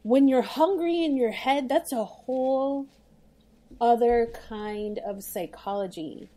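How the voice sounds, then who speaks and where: A woman's voice: fairly high pitch, takes it slowly, mellow. A woman talking frankly and wryly on a casual book podcast, often laughing between words. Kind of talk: casual book-club chat.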